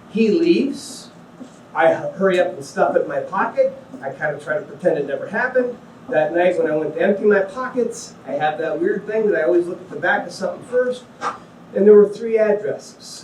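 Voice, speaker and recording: A middle-aged man from Ohio giving a lively personal testimony to a small audience, acting out quotes and throwing in jokey asides. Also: sits high, slight background noise. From Ohio, USA. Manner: animated storyteller, acts out quotes, jokey asides. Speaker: guest speaker. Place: small meeting room. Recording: echoey room, mic at a distance.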